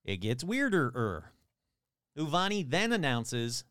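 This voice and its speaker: A man's voice: a little high, very animated, moderate pace, no room sound, clean studio sound. A man casually retelling a strange tale, with sarcastic, irreverent asides and the odd swear. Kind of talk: casual storytelling narration.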